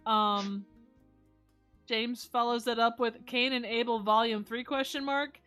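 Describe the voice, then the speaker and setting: A giggly American woman with a high, bright voice reads chat aloud on a casual live stream. She keeps the banter playful, with faint music behind her. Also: steady tone, unhurried, smooth. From United States. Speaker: stream co-host reading chat.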